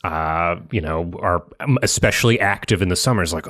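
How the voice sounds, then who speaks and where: A man's voice: low voice, normal speed, hardly any pauses, a bit bright. A man co-hosting a podcast in casual chat, explaining game mechanics step by step. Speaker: podcast co-host.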